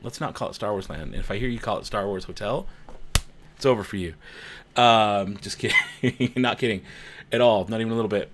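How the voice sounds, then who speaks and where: A man's voice: lowish voice, brisk, background noise. A young man hosting a casual livestream, reading chat aloud and teasing viewers in a playful, laughing way.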